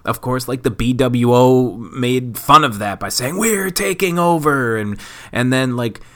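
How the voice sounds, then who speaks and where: A man's voice: mid-range voice, steady tone, measured pace, sharp tone. A man in his thirties from Wisconsin, sick, hosting a casual solo podcast with rambling, self-mocking jokes. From Wisconsin, USA. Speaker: podcast host.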